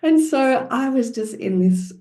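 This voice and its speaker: A mother telling her birth story as a podcast guest, lively and expressive, often laughing. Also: fairly high pitch, measured pace. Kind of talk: personal storytelling.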